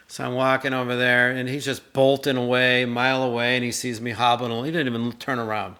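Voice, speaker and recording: Co-hosting a relaxed chat with his mother, a middle-aged man rambles through an anecdote in a bright, clear, medium-pitched voice. His tone stays level and his pace brisk with few pauses, and he speaks loosely, restarting often while acting out the story's characters.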